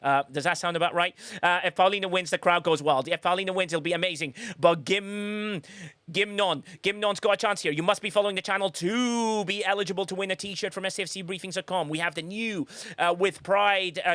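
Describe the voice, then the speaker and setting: A man with a fairly high voice calls a marble race on a live stream, jumping between jokes, shout-outs and play-by-play. His delivery is excitable and playful, and the sound is close and dry, with no room around it. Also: brisk, dry recording. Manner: jokey, excitable, slips into mock accents.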